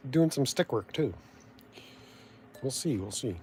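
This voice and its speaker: With a Canadian accent and a gravelly, somewhat mellow mid-range voice, an unhurried vlogger uses lively intonation in casual, sardonic commentary. He wanders, keeps restarting, and loses his thread amid trailing thoughts, over slight background noise.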